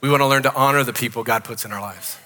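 A man with a Southern US accent preaching a sermon as pastor, joking and animated. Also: mid-range voice, fast, big-room sound. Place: church sanctuary.

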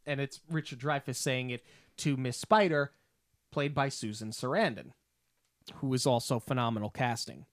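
A man's voice: mid-range voice, normal speed, dry recording, studio quality. A man co-hosting a casual podcast who retells scenes with enthusiasm. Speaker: podcast co-host. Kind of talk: casual film discussion.

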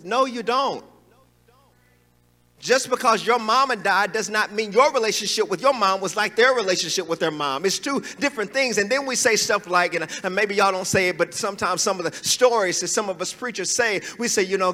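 High, bright-voiced preacher in an echoing hall. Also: male voice, fairly quick. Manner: conversational, emphatic preaching with asides and chuckles. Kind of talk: sermon.

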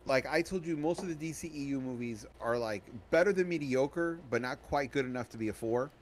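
A man co-hosting a podcast, asking probing questions in relaxed conversation with joking asides. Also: medium pitch, brisk, a little hiss or hum. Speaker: podcast co-host. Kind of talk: casual movie review chat. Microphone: podcast microphone.

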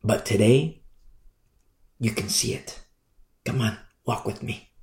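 Gentle male messenger put on by a preacher, coaxing, soft, gravelly, echoey room. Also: lowish voice, slow pace, pitched below the performer's own voice. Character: gentle male messenger comforting a lost young woman.

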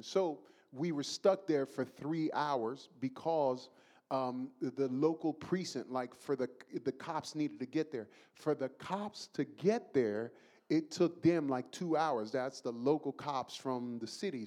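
A man from the Bronx, preaching a sermon as an animated storyteller who laughs through his own story. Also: a little high. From the Bronx, New York.

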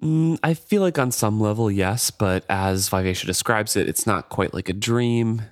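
A man's voice: on the low side, normal speed, no room sound, clean studio sound. A man co-hosting a book podcast, musing and thinking aloud in casual talk. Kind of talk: casual chat.

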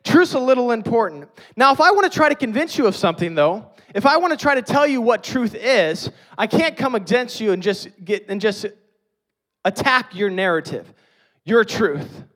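A man preaching a sermon, emphatic, swinging between loud stressed phrases and quiet low passages. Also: big pitch swings, normal speed.

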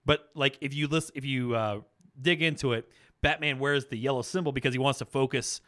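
A man with a bright, forward voice, talking loosely about films as a podcast co-host. He is animated, laughs often and restarts his sentences as he goes. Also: mid-range voice, a little fast. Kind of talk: casual movie chat.

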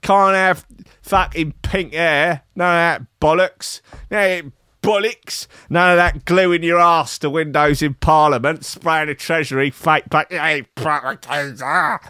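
A man's voice: on the high side, steady tone, a little slow, clean tone, no echo, clean studio sound. A man doing a comedic impression of a boastful, swearing Cockney geezer with a Cockney accent. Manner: loud, crude, swaggering, lots of swearing.

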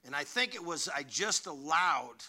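Gravelly, bright-voiced man preaching a sermon. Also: a little high, very animated, normal speed. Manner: storytelling, swings from hushed to near-shouting. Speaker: pastor.

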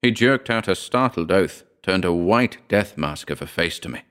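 Male audiobook narrator, very low and smooth, measured first-person horror reading. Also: lively intonation, fairly bright tone.

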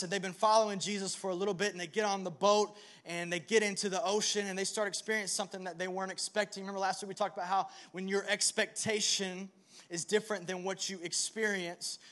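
A man's voice: high-pitched, fairly bright tone. A young man preaching a conversational sermon, telling a story with self-deprecating humor before turning earnest and reassuring. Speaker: pastor.

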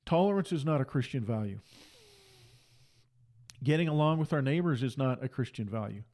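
A man's voice: medium pitch, animated, normal speed, darkish tone. A man preaching a fiery sermon, emphatic and hammering his points through repetition. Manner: emphatic, repeats phrases for force.

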